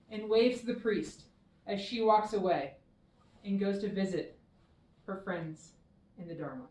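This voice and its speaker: A woman minister giving a children's dharma talk, telling a story in a warm, expressive way. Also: fairly high pitch. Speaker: temple minister. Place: temple hall. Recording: echoey hall, mic far off.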